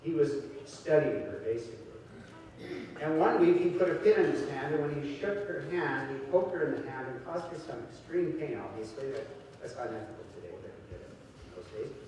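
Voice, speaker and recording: A man's voice: mid-range voice, lively intonation, fairly quick, darkish tone, a little hiss or hum. A man giving a talk to an audience, telling stories and acting out the people in them. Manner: storytelling with acted-out voices. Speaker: speaker. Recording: echoey hall, distant mic.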